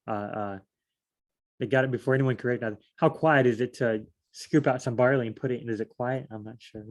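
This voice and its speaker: A man's voice: medium pitch, a little fast. A man leading a casual Bible study, rambling and asking himself questions as he reads. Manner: rambling, thinks aloud and asks himself questions; repeats phrases, many fillers.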